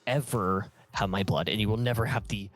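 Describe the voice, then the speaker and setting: A man's voice: on the low side, brisk, lightly acted. A man voicing a cowardly male vampire sire who stammers, bargains and pleads in a raised, panicky voice. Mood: spiteful.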